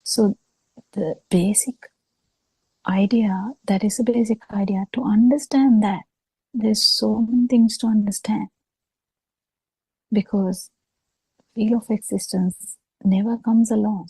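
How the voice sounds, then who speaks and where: A woman giving a slow, halting dharma talk over a video call, pausing often as she explains. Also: medium pitch, steady tone, darkish tone, husky, dry recording, low-quality recording. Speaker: Buddhist teacher.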